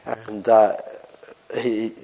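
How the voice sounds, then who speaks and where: A man preaching a sermon in a conversational, storytelling style, often pausing with fillers. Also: fairly low pitch, flat delivery, dark tone.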